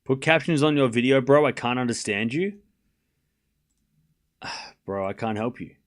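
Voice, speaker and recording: A man's voice: medium pitch, expressive, unhurried. A young Australian man giving casual, self-deprecating live tennis commentary to his stream chat.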